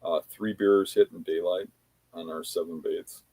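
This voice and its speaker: Low-voiced man telling stories. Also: steady tone, unhurried, warm tone, husky, no room sound. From Wisconsin. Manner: laid-back, rambling, filler-heavy. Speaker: podcast guest, bear hunter. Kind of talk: casual anecdotal storytelling.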